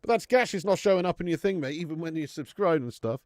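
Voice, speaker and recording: A man's voice: a little high, fast talker, a little mellow, no echo, studio quality. A man hosting a live football watch-along, chatting in slangy, jokey banter with frequent laughs. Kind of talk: live stream commentary and chat.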